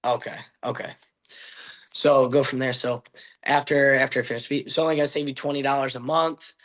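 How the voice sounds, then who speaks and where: A man in training as a sales rep, tentatively rehearsing his door pitch aloud and working out his lines. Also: level tone, fairly quick, fairly bright tone.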